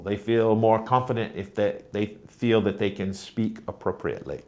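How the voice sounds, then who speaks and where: An American man, a teacher trainer, giving an instructional video lesson on pronunciation and repeating words to model the sounds. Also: medium pitch. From United States.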